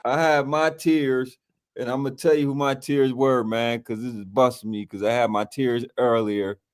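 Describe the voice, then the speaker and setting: A man's voice: medium pitch, little pitch movement, moderate pace. A man co-hosting a casual sports picks show, folksy, filling every line with "man" and "y'all". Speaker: co-host.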